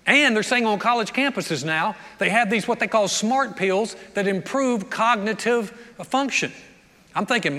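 A man, preaching a sermon, animated and joking, acting out the voices of the people in his stories. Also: sits high, measured pace. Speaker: pastor. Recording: long reverb of a large hall.

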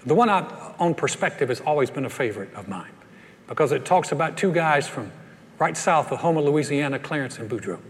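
A man's voice: fairly high pitch, lively intonation, brisk, big-room sound. A man in his sixties preaching a sermon, folksy and storytelling, with frequent stammered repeats. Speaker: pastor.

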